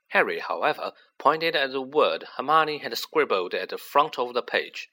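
A man reading a fantasy novel aloud with a bright, ringing tone. His pitch swoops widely as he builds drama into each sentence, keeping it expressive. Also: moderate pace, hardly any pauses. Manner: dramatic, animated delivery. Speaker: audiobook reader. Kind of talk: expressive storybook narration.

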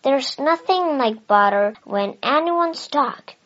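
A woman with a Chinese first language voicing a brisk, practical older housekeeper. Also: sits high, animated, a bit bright, pitched above the performer's own voice, exaggerated voice. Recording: dull lo-fi recording.

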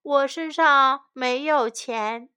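A woman's voice: high-pitched, slow, bright, forceful tone, heavily acted. A woman voicing a poor but polite and cheerful male beggar in a children's storybook. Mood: pleading. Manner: polite, pleading.

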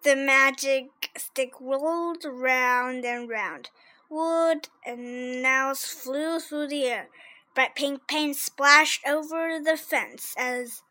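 Slow, high-voiced woman reading a story. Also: pushed and bright. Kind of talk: reading a children's story aloud.

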